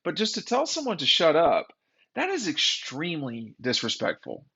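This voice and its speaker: A man's voice: a little high, huge pitch swings, moderate pace, vocal fry, sharp tone, breathy edge. A man hosting a sports commentary show, talking in a rambling, opinionated, exasperated way. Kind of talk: casual opinion monologue. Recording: dull lo-fi audio.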